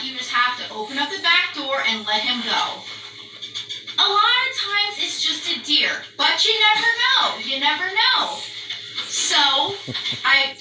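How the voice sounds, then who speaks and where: Woman, casual storytelling, animated, swears a lot, piercing bright tone, distant mic, faint noise. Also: high-pitched, roomy sound. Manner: animated, swearing, acts out the barking and screaming.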